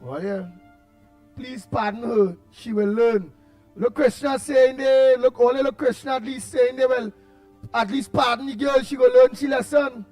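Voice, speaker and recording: A man with a Trinidadian accent hosting a casual call-in radio show, excitable and repeating his words as he reads out listener messages. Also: very high-pitched, measured pace, faint music behind.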